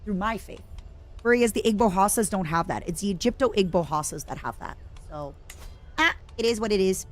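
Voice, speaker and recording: A woman streamer giving chatty, self-mocking commentary while playing a strategy game, now and then bursting into excited shouts. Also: medium pitch, a little fast. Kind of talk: casual gameplay commentary.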